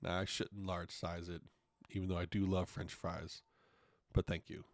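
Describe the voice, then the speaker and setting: Deep-voiced man telling stories, frank and profane. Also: little pitch movement, normal speed, no room sound, clean studio sound. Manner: frank, profane, acts out quotes in retelling. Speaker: podcast host. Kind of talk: casual solo storytelling.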